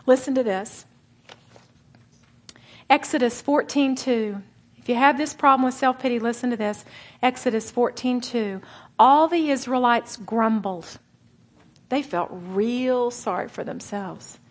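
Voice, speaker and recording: A woman preaching to women, telling her own story with lively, animated delivery and acted-out voices. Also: fairly high pitch, unhurried, pauses often. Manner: animated storytelling, acts out voices, laughs often. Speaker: women's Bible teacher. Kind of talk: sermon.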